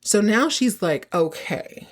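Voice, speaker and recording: A woman hosts a podcast and recaps episodes in casual, chatty tones. She keeps things sassy, slipping in quick asides along the way. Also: lowish voice, animated, a little mellow. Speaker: podcast host.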